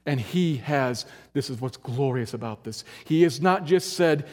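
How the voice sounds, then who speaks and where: A man's voice: expressive, unhurried. Earnest male preacher in a reverberant hall. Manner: earnest, emphatic, swings between loud urging and quiet low stretches. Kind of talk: sermon.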